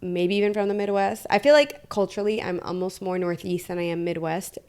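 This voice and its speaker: A woman's voice: fairly low pitch, fairly quick, smooth. Chatty American woman host telling stories. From Detroit, USA. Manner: animated, quotes her own inner dialogue. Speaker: podcast host. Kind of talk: casual conversational storytelling.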